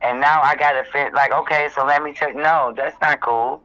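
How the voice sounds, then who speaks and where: A man's voice: a little high, steady tone, fairly quick, bright, forceful tone, lo-fi sound. A man co-hosting a casual call-in talk show, talking emphatically in slang and repeating himself.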